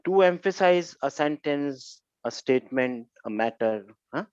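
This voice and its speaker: A man's voice: mid-range voice, animated, measured pace, darkish tone, clear, resonant tone, no room sound, muffled recording. A man teaching an Arabic grammar class online, questioning students and repeating key phrases.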